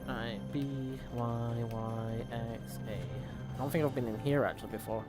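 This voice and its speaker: A man's voice: mid-range voice, unhurried, over loud music. A man hosting a let's play, giving rambling, casual gameplay commentary with the odd swear.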